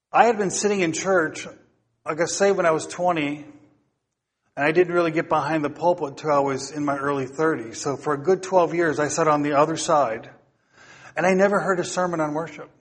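Middle-aged pastor guy preaching, slightly high voice, long church echo, keeps asking the room questions. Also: normal speed. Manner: earnest, exhorting, asks the congregation questions. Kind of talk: sermon.

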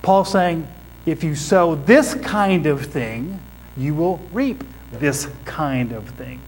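A man with a notably high-pitched voice preaches to a congregation in church. He teaches point by point and often turns to his listeners with questions. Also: expressive, slow, poor audio. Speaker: pastor. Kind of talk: sermon.

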